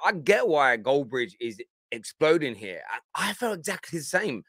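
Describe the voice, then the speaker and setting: A man hosts a football reaction show, laughing often as he reacts to clips. His voice is bright and lively, with a dry, close sound. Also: fairly high pitch, normal speed, dry recording. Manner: laughs often, animated and amused. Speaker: host. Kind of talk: reaction commentary.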